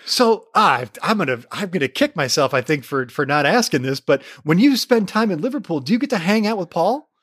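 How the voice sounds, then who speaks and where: A man's voice: high voice, big pitch swings, fairly quick, few pauses, a bit bright, no room sound, studio quality. A man hosting a comedy interview, eager and enthusiastic, stumbling over his restarts as he asks questions. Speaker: interview host.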